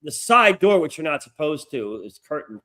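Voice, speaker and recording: A middle-aged man tells a story on a casual podcast, with a fairly high voice that swoops up and down a lot. He talks in a rough, animated way and swears freely. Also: normal speed, over a noisy crowd. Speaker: podcast co-host.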